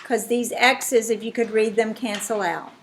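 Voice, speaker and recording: Woman math teacher, higher voice, patient step-by-step explainer. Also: fairly even intonation, a little slow, slight background noise. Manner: explains step by step, checks in with students. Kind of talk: classroom lesson.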